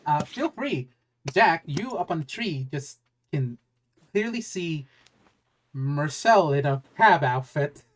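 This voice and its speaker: A man's voice: fairly high pitch, expressive, slow pace. A man narrating as game master of a tabletop game, rambling and searching for words with many fillers.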